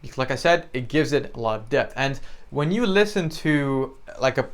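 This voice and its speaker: A man's voice: mid-range voice, expressive, normal speed. A young man teaching a beginner piano lesson in a casual, chatty way, often checking in with the listener and singing out the examples. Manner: chatty, explains with many "right?" and "you know", sings examples.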